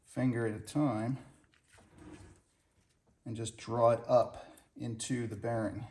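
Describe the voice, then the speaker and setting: A man's voice: mid-range voice, flat delivery, slow pace, darkish tone. A man working on a car and talking through the repair to the camera in a folksy, casual how-to style. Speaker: home mechanic.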